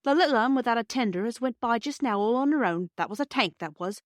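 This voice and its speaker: A woman's voice: fairly high pitch, expressive, quick pace, dry recording, studio quality, voice pushed up, natural voice. A woman voicing a cheerful, chatty working-class male railway porter who speaks in broad rustic dialect and drops his h's. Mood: hearty.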